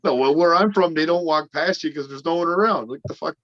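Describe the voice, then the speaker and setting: A man rambles through a story with blunt, profane energy, his voice sitting slightly high. The audio is dull and dry, like a stream call. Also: fast talker, a bit bright, dry recording. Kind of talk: casual livestream chat.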